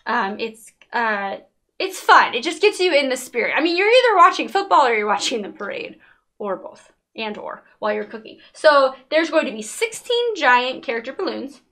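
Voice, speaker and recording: A high, bright-voiced woman in her thirties, co-hosting a relaxed TV review chat. She gushes over episodes and drops into characters' lines while recapping. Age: 30s. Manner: animated, gushing, quick to act out characters' lines. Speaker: co-host of a TV talk podcast. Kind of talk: casual chat reviewing TV shows.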